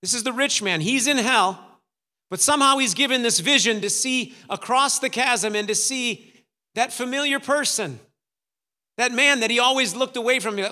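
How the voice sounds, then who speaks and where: High bright-voiced preacher in a reverberant hall. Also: male voice, moderate pace. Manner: dramatic, acts out voices of the story's figures. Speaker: pastor. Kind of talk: sermon.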